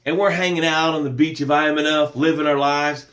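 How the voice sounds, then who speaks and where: A man's voice: on the high side, steady tone, brisk, fairly bright tone, echoey room. A man hosting a live motivational show, speaking with emphatic, preacher-like energy and greeting viewers by name as he reads their comments. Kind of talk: live-streamed motivational talk.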